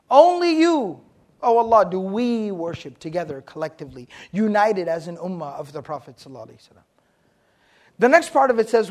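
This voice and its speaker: A man giving a religious lesson to a live audience in a room. He talks in an animated way, quizzes the listeners and repeats points for emphasis. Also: high-pitched, a little fast. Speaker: Islamic teacher.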